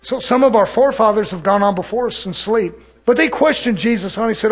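A fervent preacher with a high, husky voice, rising to shouts and dropping to near murmurs as he preaches to a church congregation. Faint music plays behind him. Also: fast. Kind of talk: evening sermon.

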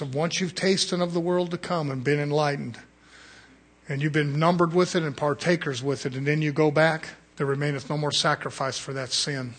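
Husky preacher in full flight. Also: male voice, fairly high pitch. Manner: swings from quiet asides to shouted peaks. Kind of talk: fiery sermon.

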